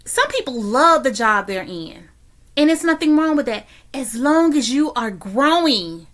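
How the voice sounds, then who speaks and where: A woman's voice: on the high side, a bit bright. A woman giving a faith-based motivational talk from her guest bedroom, exhorting listeners with a repetitive, preacher-like cadence. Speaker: motivational speaker.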